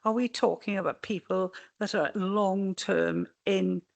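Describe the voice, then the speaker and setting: A woman's voice: medium pitch, fairly even intonation, measured pace, vocal fry, lo-fi sound. A woman councillor putting a probing question to a cabinet member in a council meeting.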